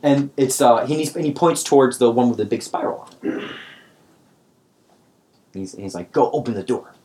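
A man's voice: mid-range voice, lively intonation, normal speed, a little mellow. A man narrating as game master for a tabletop game, talking in a loose, rambling way. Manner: loose and rambling, many fillers and restarts.

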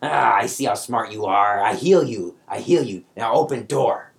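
A man voicing a brutish, bullying fat male goblin sumo boss who talks in gruff broken speech. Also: lowish voice, normal speed. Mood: taunting.

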